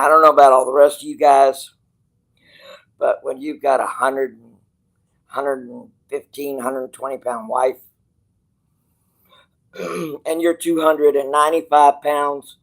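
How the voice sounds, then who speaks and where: A man with a rough, gravelly voice talks to his viewers at an unhurried, drawn-out pace. He rambles and restarts, acts out the dialogue of others, and swears casually as he goes. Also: medium pitch, steady tone, a bit bright, rough recording. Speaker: channel host.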